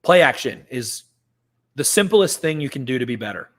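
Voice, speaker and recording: A man's voice: medium pitch, very animated, normal speed. A young man co-hosting a sports podcast, talking in an emphatic, ranting way and repeating points for effect. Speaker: podcast co-host. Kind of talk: casual sports talk.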